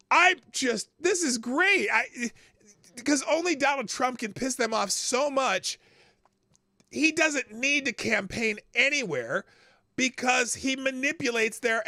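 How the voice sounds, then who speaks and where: A man's voice: very high voice, sharp tone, dry recording, studio quality. An American man hosting a casual political commentary livestream, profane and rambling, laughing often. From United States. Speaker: host.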